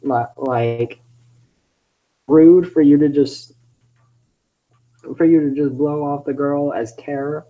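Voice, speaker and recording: A man's voice: a little high, steady tone, takes it slowly, pauses often, narrow, tinny audio. A man hosting his channel, reading fan fiction aloud with chatty, self-interrupting commentary.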